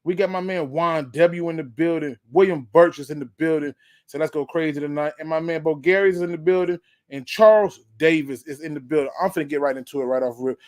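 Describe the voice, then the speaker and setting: A man hosting a live sports fan show, emphatic and hyped, repeating himself for effect and giving loose slangy shout-outs to viewers. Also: fairly high pitch, a little fast. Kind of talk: live-stream football talk.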